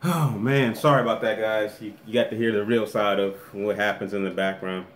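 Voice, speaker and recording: A man's voice: fairly low pitch, steady tone, a little fast, echoey room. A man hosting a casual live-stream Q&A from a room at home, rambling and restarting often as he reads the chat aloud. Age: adult with a daughter.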